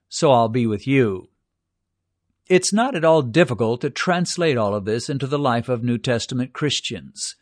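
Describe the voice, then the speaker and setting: Older guy preaching a bible devotional, calm and earnest, dry close mic. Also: medium pitch, no room sound. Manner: measured, earnest Bible exposition. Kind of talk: recorded devotional teaching.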